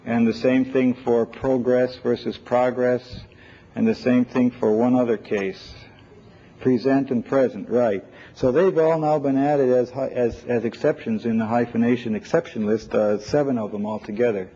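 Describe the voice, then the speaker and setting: A man's voice: medium pitch, fairly even intonation, moderate pace, warm tone, husky. A man giving a live technical lecture, thinking aloud and taking questions from the audience, on an old 1980s lecture recording. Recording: dull lo-fi 1980s lecture tape.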